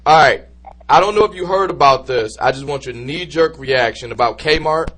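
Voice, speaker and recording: A man hosting a podcast interview, excitable and quick to laugh. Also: mid-range voice. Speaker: podcast host.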